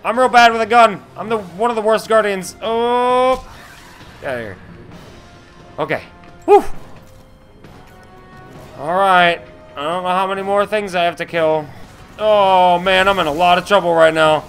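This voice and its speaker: A young man giving let's play commentary, excitable, swearing and yelling at enemies as he plays. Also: high-pitched, normal speed, soft background music. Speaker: gamer playing a shooter.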